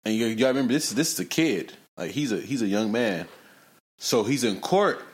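A young man hosting a casual podcast, telling stories in lively slang and breaking into rap lines. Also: mid-range voice, a little fast. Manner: animated, slangy storytelling with bursts of rapping. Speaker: podcast host.

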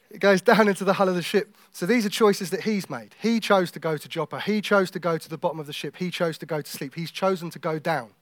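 A man preaching a sermon in a conversational, joking way, with quiet intense stretches when reading scripture. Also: sits high, fast talker, hardly any pauses, no room sound.

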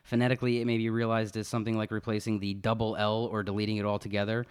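Host type: young man with a Philly accent, smooth and low, halting delivery. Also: completely flat delivery. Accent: Philadelphia. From Philadelphia. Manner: explanatory, halting with fillers. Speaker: podcast host. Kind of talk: casual chat, reading notes aloud.

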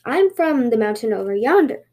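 A woman's voice: a little high, big pitch swings, normal speed, dark tone. A woman doing a sly sugary rabbit. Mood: innocent. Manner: sugary, falsely innocent. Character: sly sweet-talking male rabbit trickster.

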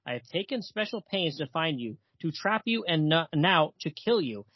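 Man doing a vengeful vampire hunter, grave and measured, slightly husky. His voice is a bit low and sounds dry and dull. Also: very animated, dry recording. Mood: grim. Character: grim male vampire hunter taunting an old foe.

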